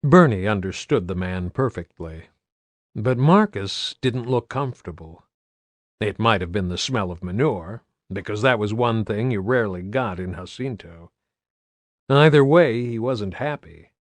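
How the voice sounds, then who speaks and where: Low-voiced man narrating an audiobook. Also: expressive, unhurried, dry recording. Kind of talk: scripted narration.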